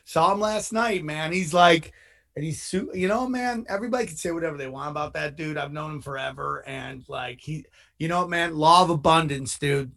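A man's voice: a little high, fairly quick, creaky, fairly bright tone. A man hosting a podcast in casual, laid-back chat, calling everyone "dude". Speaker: podcast host.

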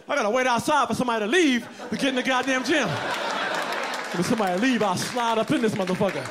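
A man tearing through a stand-up set in a very high-pitched, shouting voice, swearing freely as he tells his stories. He is recorded live in a club, with crowd laughter and noise filling the background. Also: moderate pace, long pauses. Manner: loud, profane, animated storytelling with shouts. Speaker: stand-up comedian.

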